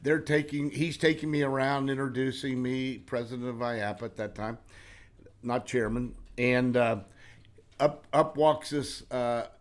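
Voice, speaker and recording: A man's voice: mid-range voice, fairly even intonation, a little slow. An older man hosting a podcast interview, telling stories and laughing often. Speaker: podcast host. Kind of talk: casual interview chat.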